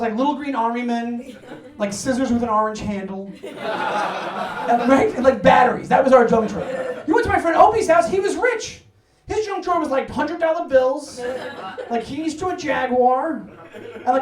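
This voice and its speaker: A man from New York doing a stand-up comedy set in an apartment, talking in a profane, animated way and acting out his family's voices. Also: extremely high pitch. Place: apartment living room. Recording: roomy sound from a distant mic.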